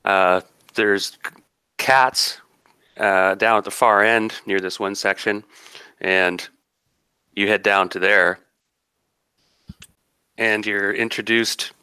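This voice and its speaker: A man's voice: lowish voice, steady tone, slow pace, long pauses, bright, forceful tone, clear, resonant tone, dry recording. A man narrating as game master of a tabletop game, rambling and descriptive with many restarts.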